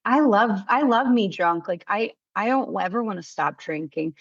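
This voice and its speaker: A candid, easygoing woman in her thirties chats on a podcast and giggles often. Her voice is mid-pitched, and the recording sounds a little dull and muffled. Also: animated, normal speed. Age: 30s. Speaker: podcast co-host. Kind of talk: casual chat.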